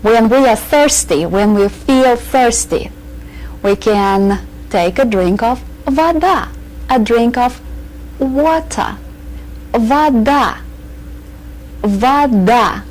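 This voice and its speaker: A woman leads a beginners' language lesson in an unhurried, measured way. Her voice sits a little high, and she says each new word several times so learners can follow. She is patient and clear throughout. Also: expressive, darkish tone, low-quality recording. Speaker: Russian language teacher. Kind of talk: slow, deliberate language lesson.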